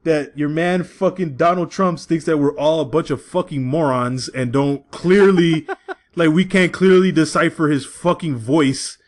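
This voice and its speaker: Male podcast co-host with a fairly high voice, profane, emphatic and lively in casual banter. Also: unhurried.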